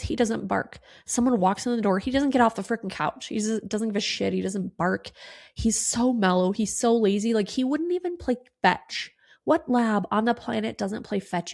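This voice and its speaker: A woman in her thirties hosting a podcast, telling her listeners a personal story in a raw, unscripted way. Her voice has a gravelly edge and sits at an ordinary middle pitch. She is tearful, her voice catching as she talks, and she fills her sentences with casual "like"s. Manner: emotional, fillers like "like" and "freaking". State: tearful, voice breaking. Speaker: podcast host.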